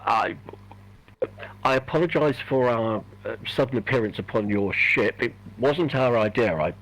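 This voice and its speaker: A man's voice: medium pitch, moderate pace, a bit bright, low-quality recording. Polite, hesitant male player. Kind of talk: playing a tabletop game in character.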